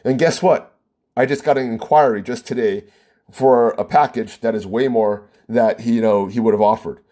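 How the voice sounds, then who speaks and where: A man's voice: medium pitch, fairly even intonation, moderate pace, warm tone. A man who runs a wedding business, ranting in a vlog and retelling arguments, full of "you know" and "right?".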